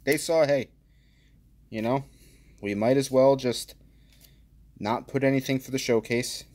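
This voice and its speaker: At medium pitch and an unhurried pace, a man runs his own channel, tearing into card packs with casual commentary. He jokes, reads each card name aloud, and now and then erupts in excitement.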